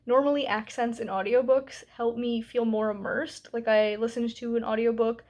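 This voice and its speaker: A woman's voice: on the high side, level tone, normal speed, a little mellow. A young woman talking candidly about a book she is reading, in a casual vlog style with frequent fillers and asides. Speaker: book vlogger.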